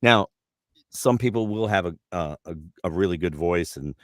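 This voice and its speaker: A middle-aged man, a voice actor, chatting in an interview and telling lively stories, often repeating words as he starts. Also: sits low, moderate pace, no echo, clean studio sound. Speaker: voice actor guest. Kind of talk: casual interview chat.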